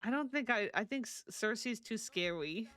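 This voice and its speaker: A woman's voice: a little high, expressive, normal speed, fairly bright tone, dry recording, faint music behind. A woman streaming a life-sim game, chatting casually and laughing often as she answers her chat. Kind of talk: casual live-stream chat while playing.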